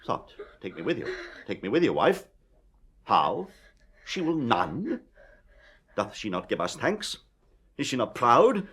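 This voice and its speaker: An actor playing a domineering, hot-tempered nobleman father in a 1970s radio drama, blustering and shouting. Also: mid-range voice, wildly swooping pitch, measured pace, long pauses, breathy edge, heavily acted. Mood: indignant.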